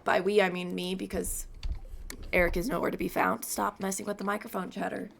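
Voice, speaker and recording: A young woman streaming a game from home on a boom-arm mic, chatting casually and talking to her cat in between. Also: little pitch movement, fairly quick, gravelly, a little hiss or hum. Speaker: gaming streamer. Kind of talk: casual gameplay chat.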